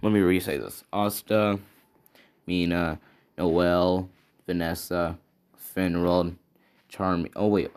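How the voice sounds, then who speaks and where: A man's voice: low-pitched, little pitch movement, slow, pauses often, darkish tone, clean tone. A man improvising a fan story in a casual, rambling way, thinking aloud and correcting himself as he goes.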